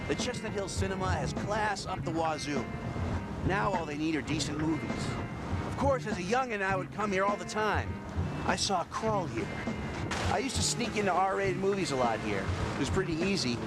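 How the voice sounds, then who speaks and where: A young man hosting a sketch show, narrating in a wry, deadpan comic voice. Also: a little high, poor audio.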